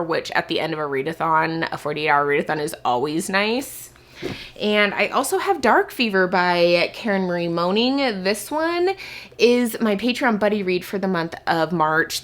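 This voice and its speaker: A woman's voice: mid-range voice, a bit bright. Chatty young woman vlogger, a bit sick. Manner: chatty, thinking aloud, lots of "like" fillers. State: sick, with a cough. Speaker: book vlogger. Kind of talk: casual chat to camera.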